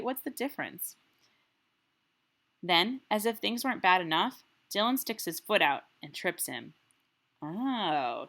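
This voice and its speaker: Woman teacher, lowish voice, reads a kids' novel aloud, stops to quiz the class. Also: fairly bright tone. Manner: asks the class questions and checks in with "right?". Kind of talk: reading a children's novel aloud with class discussion.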